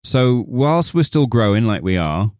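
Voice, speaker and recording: A man's voice: mid-range voice, very animated, unhurried, a little mellow, no echo, clean studio sound. A man co-hosting a film podcast, chatting casually, swearing freely and reading out listener emails. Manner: laid-back, swears casually, reads listener emails aloud. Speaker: podcast co-host.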